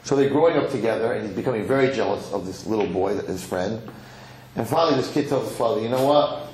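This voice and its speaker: A rabbi giving a sermon, telling a parable in an animated storytelling manner with some Yiddish words, in an echoey lecture hall. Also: male voice, on the low side, quick pace, a little hiss or hum. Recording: echoey hall, faint ambience.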